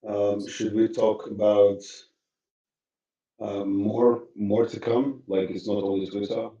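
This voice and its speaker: A man's voice: on the low side, little pitch movement, slow, dark tone. A man chatting casually as co-host, hesitant and full of fillers. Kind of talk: casual chat. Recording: distant, echoey, dull sound.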